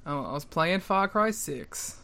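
A man's voice: a little high, sing-song, unhurried, gravelly, bright, forceful tone. A man, co-hosting a podcast in laid-back, laughing chat. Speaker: podcast co-host. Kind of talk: casual chat.

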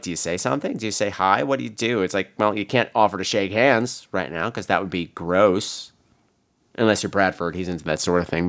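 A middle-aged man hosting a podcast, telling bawdy stories in a campy, rambling way. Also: fairly bright tone. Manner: campy, bawdy, swings into high mocking voices. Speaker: podcast host. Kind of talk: rambling comic storytelling.

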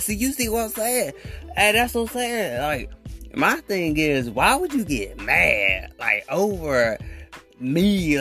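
A young man hosting a podcast, telling a rambling, animated story in casual slang and acting out what people said. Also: medium pitch. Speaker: podcast host.

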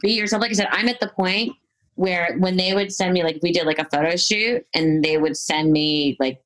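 A woman in casual chat, candid and self-critical, telling animated stories. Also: fairly low pitch, moderate pace, rough recording.

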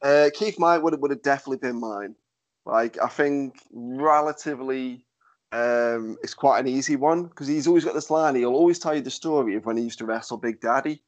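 A man hosting a podcast in casual chat, with a nasal, fairly monotone voice, swearing and laughing easily. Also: mid-range voice, a little fast. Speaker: podcast host.

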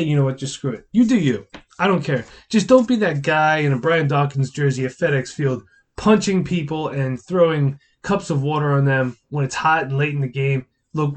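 A man from Pennsylvania hosting a solo sports podcast, talking in an opinionated, rambling, conversational way. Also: medium pitch. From Pennsylvania, USA. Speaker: podcast host.

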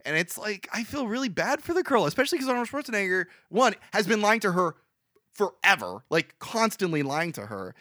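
A young man co-hosting a podcast, recapping a movie in rambling, animated casual chat with frequent laughs. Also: high voice, dry recording, clean studio sound.

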